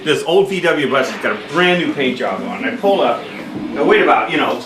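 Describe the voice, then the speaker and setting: Older man spinning a lively party yarn. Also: mid-range voice, brisk, noisy background. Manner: animated storyteller acting out quoted voices. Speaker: party guest telling a story. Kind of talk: casual anecdote at a family party. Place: home birthday party, indoors. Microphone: camcorder across the room. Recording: roomy home video, distant camera. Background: chatter of party guests.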